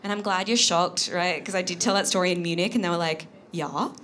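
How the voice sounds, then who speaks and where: A woman's voice: fairly low pitch, fairly even intonation, fast, a bit bright. A woman in her thirties with an Australian accent, performing a chatty stand-up set on a live comedy stage. She keeps dropping "right?" as a tag at the end of her lines.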